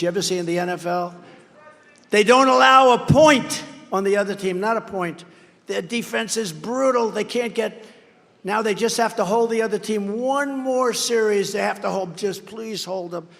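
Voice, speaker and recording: Man, campaign rally speech, high voice, rambling and boastful, long reverb of a large venue. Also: vocal fry, fairly bright tone. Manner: mocking rivals by acting out their words. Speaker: political candidate.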